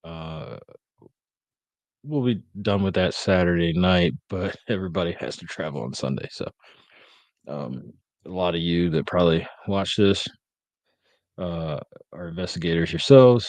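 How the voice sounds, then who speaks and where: Low, dry-voiced man rambling casually. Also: darkish tone, dry recording. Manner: rambling, many ums and uhs. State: sleepy, yawning. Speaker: podcast host. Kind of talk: casual live-stream chat.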